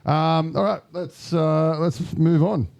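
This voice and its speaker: A man's voice: a little high, steady tone, slow pace, creaky, a little mellow, no echo, studio quality. A man co-hosting a podcast in casual chat, blunt and dismissive, swearing freely. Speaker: podcast co-host.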